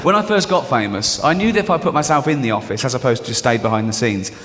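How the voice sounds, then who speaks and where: A man's voice: mid-range voice, lively intonation, quick pace, slight background noise. An English man doing a stand-up routine, sardonic and mock-apologetic, often laughing at his own jokes. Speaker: stand-up comedian. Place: live comedy venue. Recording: live hall with long reverb and loud ambience.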